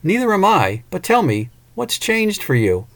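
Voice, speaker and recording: A man's voice: high voice, huge pitch swings, normal speed, pitched above the performer's own voice, exaggerated voice. A man voicing a flirtatious traveling fortune-teller woman, teasing and playful, raising his voice for her. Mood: flirty.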